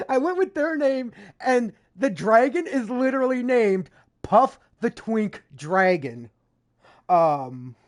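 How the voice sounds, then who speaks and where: A woman's voice: a little high, darkish tone. A woman streamer chatting casually over gameplay, rambling with frequent fillers and self-corrections. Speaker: gaming streamer.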